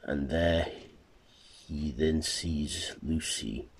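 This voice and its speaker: Slow, deep-voiced male storyteller. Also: vocal fry, husky. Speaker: narrator. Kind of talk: amateur fan-fiction reading.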